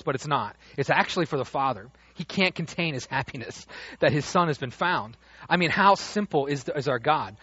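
A man preaching a sermon as pastor, animated, dropping to a hush and rising loud as he acts out the father's words. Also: a little high, husky, no room sound. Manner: animated, swings from hushed to loud when quoting the father. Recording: dull dry lo-fi sound.

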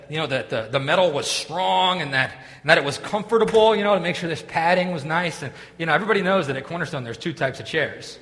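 Lively, bright-voiced preacher in a reverberant church. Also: male voice, on the high side, brisk. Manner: animated, rambling with many restarts and asides. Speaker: pastor. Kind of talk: storytelling sermon. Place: church sanctuary. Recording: long reverb of a church hall.

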